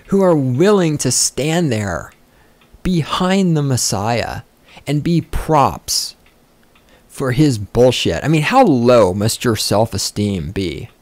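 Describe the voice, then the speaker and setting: A man's voice: mid-range voice, a little mellow, no echo. Guy on a podcast going off on a sarcastic cussing rant, voice bouncing up and down, dry close sound. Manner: profane, sarcastic, easily sidetracked. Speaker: podcast host. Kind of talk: rambling casual rant.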